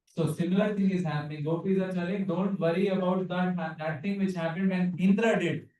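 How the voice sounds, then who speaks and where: A man's voice: high voice, steady tone, fairly quick, a little mellow, distant mic. A man giving a devotional lecture, asking his audience questions and singing verses in between. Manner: explains with questions to the audience, sings Hindi verses. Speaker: preacher. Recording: very echoey hall, speaker off-mic.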